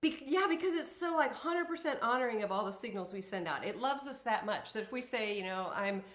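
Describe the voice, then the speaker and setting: A woman's voice: a little high, a little fast. A woman hosting an interview, affirming her guest and talking with animation. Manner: warm, affirming, animated when acting out inner voices. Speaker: host. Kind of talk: conversational interview. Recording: echoey room.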